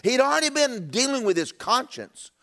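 A man's voice: big pitch swings, moderate pace. A man preaching a sermon and telling a personal story, stumbling over and repeating words as he talks. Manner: drops low and quiet for quoted speech.

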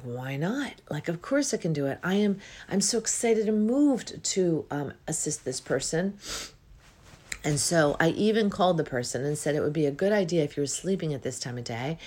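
A woman giving an unhurried, reflective spiritual talk as a healing coach, with many pauses and yawns. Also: low-pitched, a little mellow. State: yawning.

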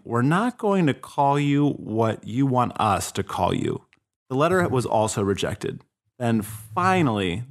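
A young man with a lowish voice runs through history on a casual podcast. He tells it with irreverent jokes and plenty of swearing. He sounds a bit tipsy. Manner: irreverent, swearing, jokey asides. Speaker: podcast host.

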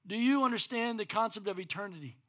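Middle-aged male pastor, slightly higher voice, moves between fervent preaching and soft anecdote. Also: fast talker. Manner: swings from loud preaching to quiet storytelling. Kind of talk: sermon.

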